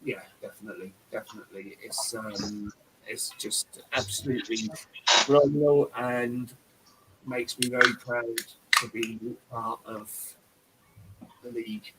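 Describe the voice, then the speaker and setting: A man's voice: medium pitch, steady tone, unhurried, heavy background noise. A man hosting a casual live-stream chat, rambling and effusive, with lots of fillers and restarts. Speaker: host.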